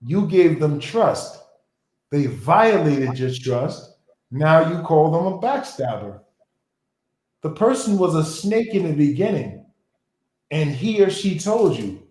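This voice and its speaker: A man's voice: a little high, very animated, slow, a little mellow, roomy sound, rough recording. A man talking in a reflective, philosophical way during a casual conversation, drawing out his phrases.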